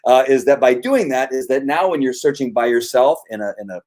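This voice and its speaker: A dog trainer explains his methods in a loose, conversational way. He often stumbles, repeats words and restarts his sentences. His voice sits at an ordinary pitch for a man. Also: expressive, fairly quick, darkish tone. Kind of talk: casual explanatory talk.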